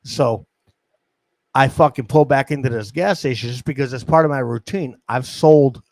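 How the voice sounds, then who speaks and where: A man's voice: medium pitch, normal speed, a little mellow, dry recording. A man, hosting a podcast and telling a rambling, profane street-hustler story into a studio mic. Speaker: podcast host. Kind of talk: casual storytelling. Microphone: studio microphone.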